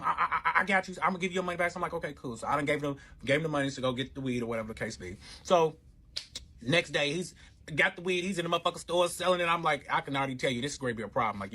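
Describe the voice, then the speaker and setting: Man, profane animated storytelling, rapid-fire, bright husky voice. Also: on the high side. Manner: animated, profane, swings to yelling and back. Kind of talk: casual storytelling.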